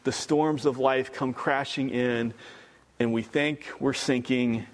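A man's voice: medium pitch, steady tone, slow pace. A man preaching a sermon in an emphatic, repetitive, conversational storytelling way. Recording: echoey hall reverb.

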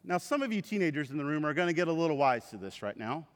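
A man preaching a sermon to his church, with animated storytelling. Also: a little high, quick pace. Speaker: pastor. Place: church sanctuary. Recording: reverberant hall.

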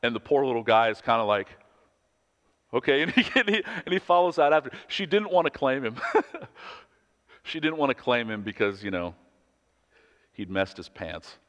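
A man's voice: mid-range voice, big pitch swings, a little fast, a bit bright. A man in his thirties, a pastor delivering an earnest, conversational sermon full of personal stories. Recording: long hall reverb.

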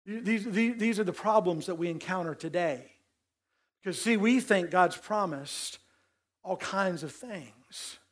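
A male pastor delivers a sermon in a conversational style. His voice sits high for a man, and he doubles back on words to press his points. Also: measured pace. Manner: conversational preaching with emphatic repeats.

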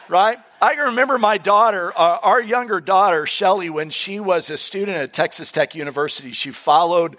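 A man's voice: high-pitched, moderate pace, a bit bright. A middle-aged man preaching a sermon to a church congregation, chatting and telling stories with frequent fillers. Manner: conversational, folksy storytelling with fillers. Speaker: pastor. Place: church service room.

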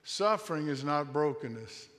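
A man in his late fifties preaches with an earnest, insistent delivery, circling back to the same phrases again and again and sometimes restarting mid-word. His voice sits a little high for a man. It carries a long tail of reverb from a church sanctuary. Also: animated, normal speed, a bit bright. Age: 50s. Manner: earnest, repetitive exhortation with restarts. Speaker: pastor. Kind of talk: sermon.

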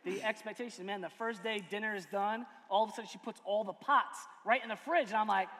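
A man co-hosting a casual chat as a pastor, animated and storytelling with loud bursts. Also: sits high, quick pace. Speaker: pastor and co-host. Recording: long hall reverb.

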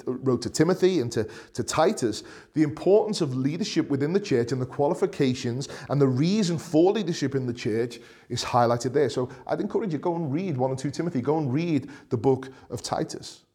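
A middle-aged man with a Liverpool accent preaching a sermon, earnest, repeating phrases for emphasis, swinging between raised and hushed delivery. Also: medium pitch. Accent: Liverpool (Scouse). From Liverpool, England. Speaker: pastor.

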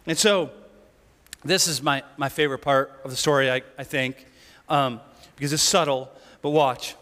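A male pastor preaching a sermon, animated, acting out the story as he teaches. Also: mid-range voice, normal speed. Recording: long hall reverb.

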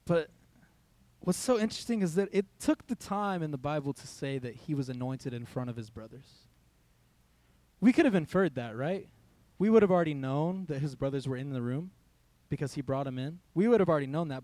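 A man's voice: fairly high pitch, expressive, normal speed, darkish tone. A young man, a youth pastor, giving a conversational sermon in a church hall, telling a personal story and quoting his own thoughts.

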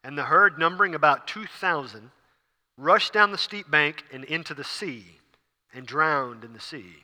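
A man's voice: fairly high pitch, animated, moderate pace, pushed and bright, long reverb tail. A man preaching a sermon, explaining a passage with frequent fillers and restarts. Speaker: pastor.

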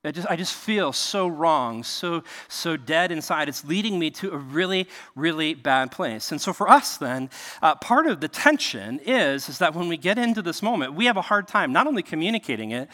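A man's voice: on the high side, very animated, fairly quick, bright, forceful tone, long reverb tail. A man preaching a sermon from a cramped enclosed space, conversational and full of rhetorical questions. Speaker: pastor.

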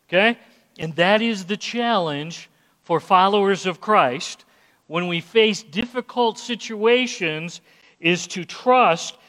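A man's voice: high-pitched, slow pace, pushed and bright, in a large hall. A pastor preaching a sermon, earnest and repeating his words as he teaches.

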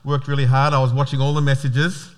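A man's voice: mid-range voice, level tone, fast talker. A man with an Australian accent, a pastor giving a casual, joking sermon full of fillers and restarts.

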